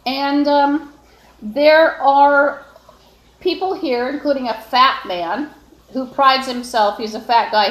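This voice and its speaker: A woman's voice: on the high side, a bit bright. A woman live-streaming alone from her apartment, talking on and on with lots of fillers and restarts. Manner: meandering, with frequent fillers and restarts. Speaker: livestreamer. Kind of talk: rambling solo live stream. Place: indoors in an apartment. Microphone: phone. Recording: echoey room.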